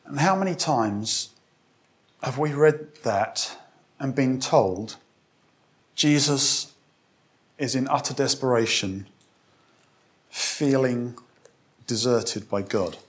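A man's voice: medium pitch, slow pace, long pauses. Guy preaching a sermon, chatty and reflective, reading bible verses out with some punch. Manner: reflective, reads scripture aloud with emphasis; conversational with restarts and direct questions to congregation.

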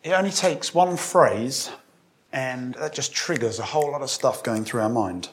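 A man's voice: mid-range voice, moderate pace, slight background noise. Guy preaching a sermon, chatty and reflective, reading bible verses out with some punch. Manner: reflective, reads scripture aloud with emphasis; conversational with restarts and direct questions to congregation.

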